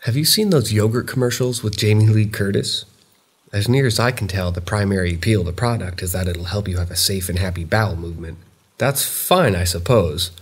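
A man reading first-person horror stories in a measured, steady storytelling delivery. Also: fairly low pitch, breathy edge. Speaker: narrator of viewer-submitted stories.

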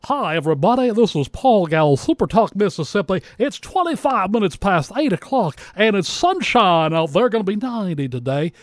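A man mimicking a cheesy old-school male radio announcer with a booming carnival-barker delivery. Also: sing-song, moderate pace, hardly any pauses, no room sound, studio quality. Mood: chipper.

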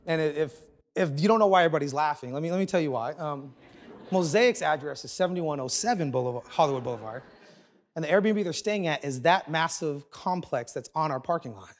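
A man preaching a sermon as a pastor, telling a personal story with animated, self-deprecating humor and quick asides. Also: fairly high pitch. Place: large church auditorium.

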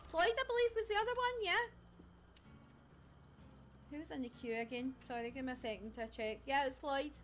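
A woman's voice: high voice, lively intonation, fairly quick, long pauses, fairly bright tone, slight background noise. A woman streaming a game live, chatting casually with viewers and friends, laughing often and a little scattered. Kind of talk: casual live-stream chat while gaming.

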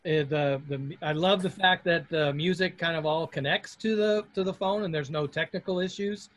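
A man's voice: fairly high pitch, normal speed, a bit bright. A man hosting a casual video call chat, friendly and talking in restarts. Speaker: host.

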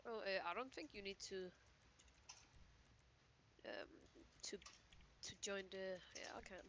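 Bright-voiced young Danish man gaming. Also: high-pitched, slow, a little hiss or hum. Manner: laughing, swearing, switching between English and Danish. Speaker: gamer. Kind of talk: casual gaming chat.

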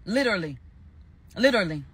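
A man's voice: sits high, big pitch swings, fairly quick, fairly bright tone, breathy edge. A man giving a heated spoken recap, emphatic and profane, repeating phrases for stress. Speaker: commentator recounting a court verdict.

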